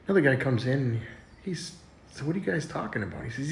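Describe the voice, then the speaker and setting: A man telling a run of dirty jokes in a lively storytelling manner, jumping his pitch up for punchlines and quoted voices. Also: fast, a little hiss or hum. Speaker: joke teller.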